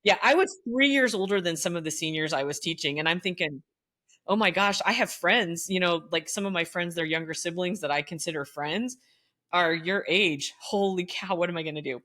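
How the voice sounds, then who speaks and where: A woman's voice: fairly low pitch, fairly quick. A middle-aged woman, a former teacher, telling school stories in casual chat with lots of laughter. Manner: animated, laughing storyteller.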